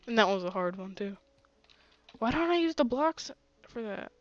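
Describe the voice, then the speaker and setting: A woman's voice: fairly high pitch, lively intonation, moderate pace, no room sound, lo-fi sound. A woman streaming a game with a sore throat, chatty and often gasping and exclaiming. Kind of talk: casual gaming commentary.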